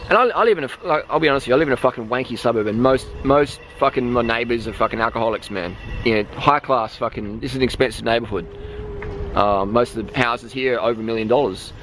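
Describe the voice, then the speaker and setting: Australian man, profane motivational rant, rapid-fire talk, driving vlog, faint road noise. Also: mid-range voice, fairly bright tone, poor audio. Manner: blunt, sweary, emphatic. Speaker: vlogger. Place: outdoors, driving a vehicle.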